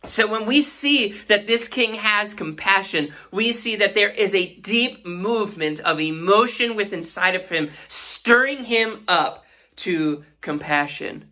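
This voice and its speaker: Bright-voiced woman teaching Bible lesson. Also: mid-range voice, lively intonation, a little slow. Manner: earnest, asks the listeners questions. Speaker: Sunday school teacher.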